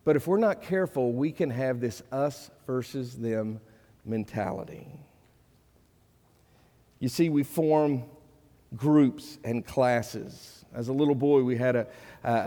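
Warm and mid-range, a middle-aged male pastor's voice carries through a church sanctuary with long reverb as he preaches. He stays earnest and conversational while building to emphatic peaks.

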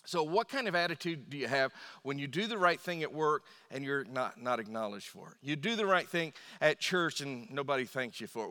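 A male pastor delivers an emphatic sermon, acting out little voices as he goes. His tone is bright and forceful, lifting and falling with his points. The sound rings with the long reverb of a church hall. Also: mid-range voice. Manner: emphatic preaching, voice rising and dropping, acts out quoted voices.

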